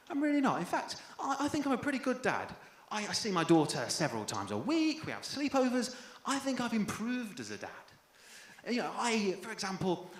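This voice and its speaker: A young English man doing a stand-up comedy set on stage, dry and self-deprecating, with sudden loud outbursts. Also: high-pitched. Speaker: first-time stand-up comedian. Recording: echoey live venue with faint room noise.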